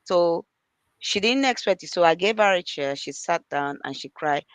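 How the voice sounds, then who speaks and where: A woman's voice: fairly low pitch, lively intonation, normal speed, dry recording. A middle-aged woman, an early years practitioner, earnestly giving parenting advice as a panel guest and acting out talks with children. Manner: earnest, repeats key points, acts out dialogues with children.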